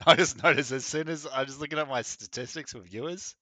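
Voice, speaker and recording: A man's voice: medium pitch, a little fast, sharp tone, no room sound. A young man chatting casually on a live gaming stream, blunt, opinionated and mocking. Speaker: game streamer.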